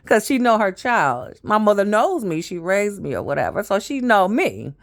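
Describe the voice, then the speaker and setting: A woman's voice: medium pitch, very animated, moderate pace. Chatty rambling woman in her fifties. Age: 50s. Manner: rambling, chatty, trailing off with fillers. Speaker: vlogger. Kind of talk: casual storytelling monologue.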